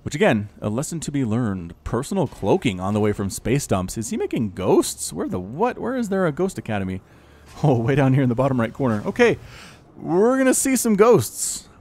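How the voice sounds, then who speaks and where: A man hosting and shoutcasting a strategy video game match, chatty and excitable with frequent laughing asides. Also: medium pitch, a little fast. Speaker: esports shoutcaster and channel host. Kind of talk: live game commentary.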